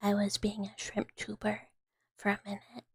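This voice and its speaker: A woman chats with her stream in a very breathy, soft whisper, close to the mic in a dry space. Her talk drifts and rambles, full of little fillers. Her pitch sits in an ordinary middle range for a woman. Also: level tone, unhurried, dry recording. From Southern United States. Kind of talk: whispered ASMR live stream chat.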